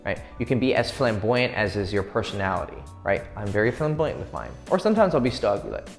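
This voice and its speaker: A man giving blunt, profane dating advice, brash and swaggering, who keeps acting out quick pick-up lines. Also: medium pitch, big pitch swings. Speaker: dating coach. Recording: echoey room with long reverb and faint music.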